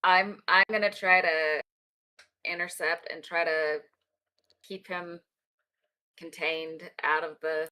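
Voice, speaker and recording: A woman's voice: fairly low pitch, fairly even intonation, takes it slowly, pauses often, bright, forceful tone, clear, resonant tone. A woman playing in a tabletop game, talking tentatively and checking her options. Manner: tentative, asks questions. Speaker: player. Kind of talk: casual tabletop game talk.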